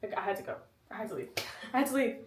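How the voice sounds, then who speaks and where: A woman's voice: mid-range voice, very animated, racing, a little hiss or hum. A young woman co-hosting a casual podcast, talking bluntly, swearing and acting out the people she quotes. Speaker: podcast co-host. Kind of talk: casual chat. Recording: echoey room, mic at a distance.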